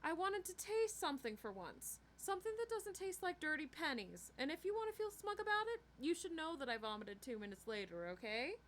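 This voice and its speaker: A woman reader voicing a chirpy, prim vampire woman with a sunny, high voice. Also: animated, moderate pace, a little hiss or hum. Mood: angry. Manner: bright chirping voice that turns sharp.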